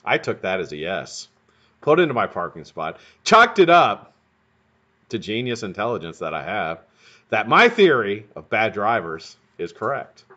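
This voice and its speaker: A man's voice: lowish voice, sing-song, moderate pace, sharp tone. A man hosting a live stream, telling a rambling, profane story in a casual way. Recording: dull lo-fi stream audio.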